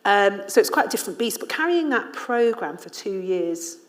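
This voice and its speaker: Woman from liverpool, author, candid animated storyteller, laughs a lot, event talk. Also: mid-range voice, normal speed. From Liverpool, England. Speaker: author and journalist, invited speaker. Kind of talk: casual talk at a public ideas event.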